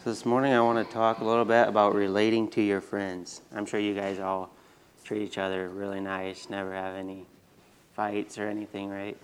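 A man giving a simple, gentle children's sermon, hesitating with ums, then reading a story aloud. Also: lowish voice, completely flat delivery, normal speed, a little hiss or hum.

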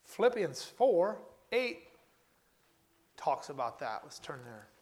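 A man preaching a sermon, earnest and repetitive, slowing down and repeating key phrases for emphasis. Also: a little high, sing-song, a little mellow.

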